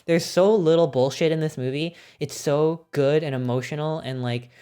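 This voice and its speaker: A woman streaming casually, ranking films with excited, swear-filled chat and frequent laughter. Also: low-pitched, normal speed, clean tone.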